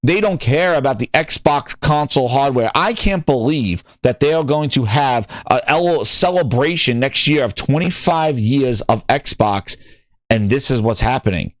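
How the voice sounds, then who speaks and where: A man's voice: mid-range voice, animated, a little slow, no room sound, studio quality. A man hosting a gaming news channel, ranting in a heated way with swearing and repeated words. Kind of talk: ranting commentary.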